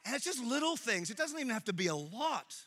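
Bright, high Australian preacher man. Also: fast talker. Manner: animated storytelling, jokey. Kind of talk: humorous sermon. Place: church.

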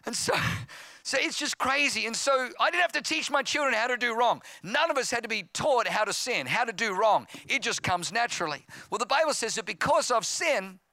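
A very high, expressive voice at normal speed belongs to an Australian pastor in his fifties, recorded without echo. In his sermon he tells his testimony as a story, voicing characters and becoming loud and impassioned.

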